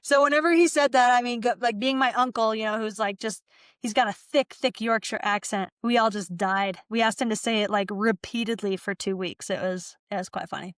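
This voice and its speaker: Young host, enthusiastic chatter, smooth clear voice, dry close mic. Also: female voice, a little high, fairly even intonation, fairly quick, a bit bright, no room sound. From United States. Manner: bubbly and enthusiastic, many fillers. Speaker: podcast host. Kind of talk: casual interview hosting.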